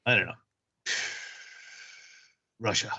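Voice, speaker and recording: A man's voice: slow pace, bright, forceful tone. A man presenting gaming news on a podcast, slipping wry joke lines into the reports. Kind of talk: reading gaming news with jokey asides. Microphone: computer mic on a live stream.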